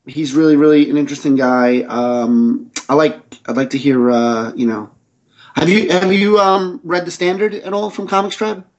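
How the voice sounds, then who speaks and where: Rambling man guest, slightly high voice. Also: steady tone, normal speed, muffled recording. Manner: rambling, enthusiastic storyteller. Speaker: comic book creator guest. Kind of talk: casual interview chat.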